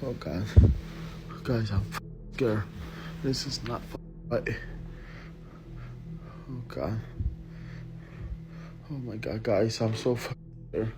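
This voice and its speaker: A man filming himself on his phone at night in his house, talking in a hushed, halting voice with many fillers. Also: on the low side, steady tone, over music. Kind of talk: frightened phone video at night. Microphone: phone camera.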